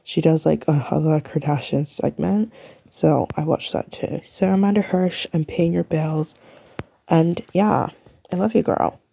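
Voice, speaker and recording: On a lo-fi recording, a young woman with an English accent from the UK rambles through her casual solo podcast, mocking herself as she goes. She speaks at a measured pace in a deep, creaky, breathy voice.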